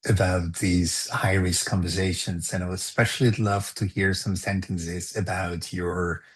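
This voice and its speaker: Husky deep-voiced male podcast host. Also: steady tone, a little slow. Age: 50s. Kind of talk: interview questions.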